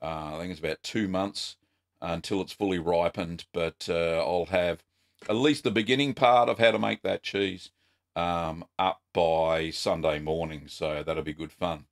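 An Australian man hosting a casual live-stream question-and-answer show, chatty and relaxed with frequent ums. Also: low voice, unhurried. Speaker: host.

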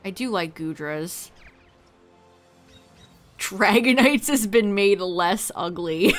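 A woman live-streaming, talking to her chat in an unhurried, casual way. She laughs often as she chats. Faint music plays quietly behind her voice. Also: medium pitch.

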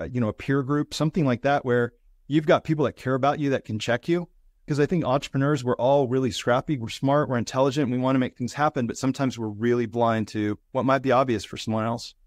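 A middle-aged business consultant, guesting on an interview podcast, earnestly and reflectively recounts lessons in short, building phrases. He talks fast at a medium pitch, in a studio-quality recording with no echo.

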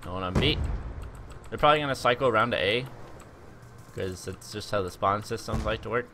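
A young man giving joking, excitable commentary over his own gameplay as a video host. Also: lowish voice, fairly quick, a little hiss or hum. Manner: animated, joking, exclaims at the game.

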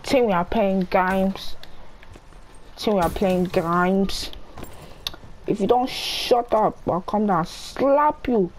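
Speaking slowly with long pauses, this woman has a mid-range, darkish voice and slight background noise. A gamer with a Nigerian accent, she trash-talks over voice chat, scolding repetitively and threatening a slap.

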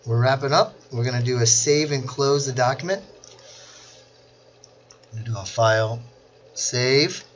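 A man teaching a software class, walking through each click step by step in a screen-recorded tutorial. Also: medium pitch, highs cut off, a little hiss or hum. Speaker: instructor.

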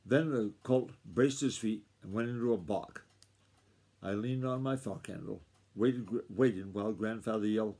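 A man reading a novel aloud to his family in a steady storytelling voice, with small slips now and then. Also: on the low side, measured pace, breathy edge.

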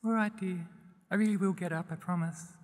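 Soft, weary mum, as a man voices her. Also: high-pitched, steady tone, pitched above the performer's own voice, lightly acted. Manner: quiet, tired, drawn-out speech. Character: weary, depressed mother, soft and withdrawn. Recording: long hall reverb.

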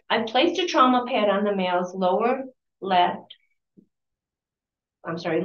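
Woman reading her memoir aloud, distant and roomy. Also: medium pitch. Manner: conversational, corrects herself mid-sentence. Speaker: author giving a book talk. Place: public library talk. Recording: distant, roomy and dull-sounding.

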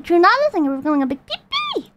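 A woman streamer ranting and reading chat in a profane, animated, casual way. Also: high voice, very fast, muffled recording, heavy background noise.

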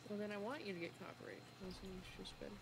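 A man's voice: sits high, rapid-fire, noisy background. Goofy guy talking through a voice changer. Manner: goofy, playful, bantering. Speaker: co-player on voice chat. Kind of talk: casual gaming chat.

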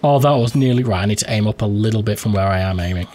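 A man's voice: lowish voice, fast, noisy background. A man hosting a let's play, giving profane, reactive commentary and thinking aloud as he plays. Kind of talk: live gameplay commentary.

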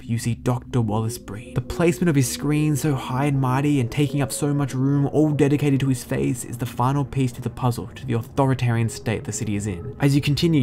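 A young man narrating a casual video essay, enthusiastic and quick to swear. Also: medium pitch. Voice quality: enthusiastic, profane.

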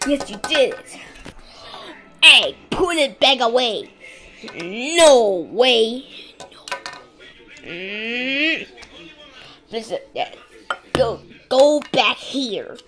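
This toy play narrator is a woman with a high pitch who speaks slowly in broken English while acting out playful scenes with minion figures. She's animated throughout, scolding one moment and squealing the next.

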